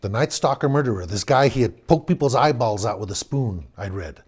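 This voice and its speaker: A man's voice: medium pitch, animated, fairly quick, darkish tone, slightly rough. A man in his forties from the Los Angeles area, telling a personal story in a wry, rambling way, repeating and restarting his words.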